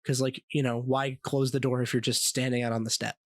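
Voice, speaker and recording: A man hosting a casual podcast, telling a story in an animated way, laughing and swearing freely. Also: medium pitch, brisk, dry recording. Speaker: podcast host.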